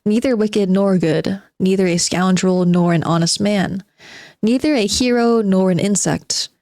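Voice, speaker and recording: A woman's voice: mid-range voice, a little slow, dry recording, studio quality, lightly acted. A woman reading aloud as a spiteful, bitter forty-year-old male recluse who sardonically lectures his listeners. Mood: sardonic. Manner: sardonic, self-mocking monologue addressed to "gentlemen".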